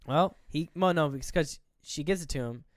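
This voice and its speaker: A man's voice: fairly high pitch, normal speed, no room sound, studio quality. A man co-hosting a podcast, talking casually about a movie and retelling its scenes in a rambling way. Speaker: podcast co-host.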